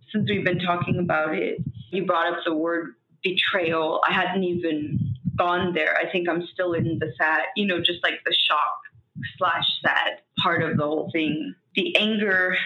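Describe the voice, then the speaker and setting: Young woman, tearful, halting speech, many fillers, roomy echo, slightly muffled. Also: fairly low pitch, fairly even intonation. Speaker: guest sharing grief. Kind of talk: emotional conversation. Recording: roomy, slightly dull sound.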